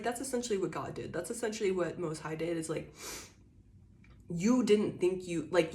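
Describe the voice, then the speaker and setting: Woman, lower voice, casual tarot reading, frequent laughter, loose swearing, loud bursts and soft asides. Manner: shifts from loud bursts to quiet musing. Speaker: tarot reader.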